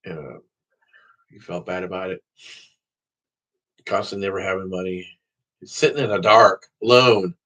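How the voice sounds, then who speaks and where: A man's voice: low voice, fairly even intonation, moderate pace, pauses often, fairly bright tone. A man talking straight to the camera in a casual vlog, rambling and swearing freely. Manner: profane, rambling talk to camera. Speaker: vlogger.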